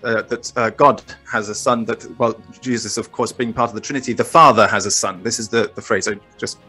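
A man presenting and explaining slides in a recorded discussion, talking in a measured, self-correcting way. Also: fairly low pitch, steady tone, bright, forceful tone, breathy edge, soft background music. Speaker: guest presenter.

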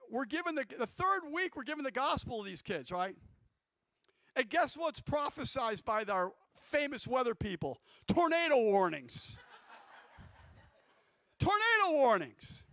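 A man preaching a lively guest sermon, breaking into shouts and calling on the congregation to answer back. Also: very high-pitched, no echo. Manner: excitable, shouting bursts, congregation call-and-response.

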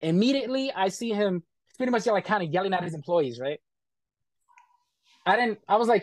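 A man's voice: sits high, animated, normal speed, dry recording, studio quality. A man being interviewed, bluntly retelling a bad experience in casual, profane talk full of quoted back-and-forth.

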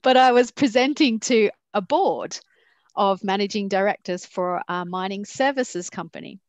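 A woman's voice: medium pitch, moderate pace, dry recording. Candid woman telling stories on a panel. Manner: candid, reflective, acts out quoted dialogue. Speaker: company founder and panelist. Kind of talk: conversational panel talk with personal stories.

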